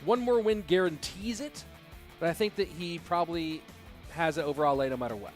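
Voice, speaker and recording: A man casting a live esports match, excitable and incredulous, often breaking into laughter. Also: fairly high pitch, brisk, faint music behind. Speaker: esports caster.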